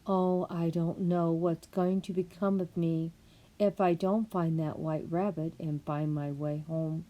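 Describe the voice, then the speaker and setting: A woman voicing a frightened, lost young girl who pleads for help, high and tearful. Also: steady tone, measured pace, lo-fi sound, close to an everyday voice.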